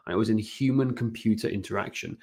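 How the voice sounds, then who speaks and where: A man's voice: fairly low pitch, quick pace, a little mellow, husky. A man in his forties, a guest on a podcast, explaining website matters casually and animatedly, often checking in with "right?". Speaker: guest, fitness business and website consultant.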